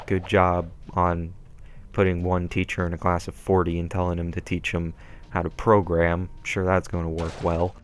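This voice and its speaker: A man's voice: low voice, completely flat delivery, normal speed, slight background noise. A young man rambling through casual, self-deprecating let's-play commentary. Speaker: gameplay commentator. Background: faint game music.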